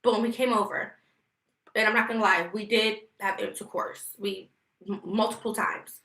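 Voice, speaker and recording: A woman's voice: mid-range voice, fairly even intonation, moderate pace, bright, forceful tone. A woman venting to her viewers in a casual storytime vlog, talking in an emphatic, heated and profane way. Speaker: vlogger. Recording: echoey room.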